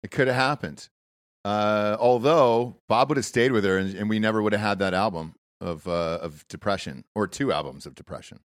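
A man's voice: fairly low pitch, moderate pace, dry recording, clean studio sound. A man hosting a podcast in casual, rambling chat, swearing freely and trailing off with fillers. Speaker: podcast host.

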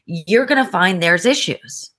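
Frank, emphatic woman, lower voice. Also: expressive, a little slow, a bit bright, slightly rough. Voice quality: frank and emphatic, with frequent "you know" and "like". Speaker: podcast guest. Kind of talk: candid conversational storytelling.

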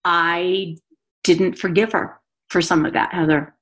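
A woman's voice: on the low side, steady tone, unhurried, fairly bright tone. A woman guest telling a personal story on a podcast in an earnest, confessional way. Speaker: guest author and speaker.

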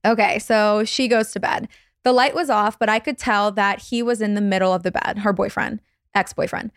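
A woman's voice: medium pitch, steady tone, no room sound. Woman reading a spooky story, dry sound. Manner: reads a listener's story slowly and dramatically. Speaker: podcast guest telling a scary story. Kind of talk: casual storytelling on a video call. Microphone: video call.

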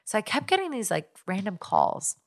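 A young woman hosting a podcast, telling a story in casual, animated chat. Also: medium pitch, moderate pace, gravelly. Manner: chatty storyteller, animated retelling. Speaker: podcast host.

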